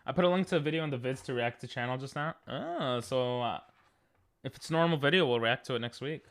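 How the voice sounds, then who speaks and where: A young man streaming live, reacting to videos and teasing his chat in a goofy way, often sliding into a low mutter. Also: fast talker, a bit bright.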